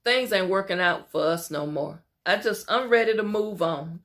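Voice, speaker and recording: A woman voicing an adult wife who coolly says she is ready to move on, flat and matter-of-fact. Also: mid-range voice, normal speed, natural voice. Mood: dismissive.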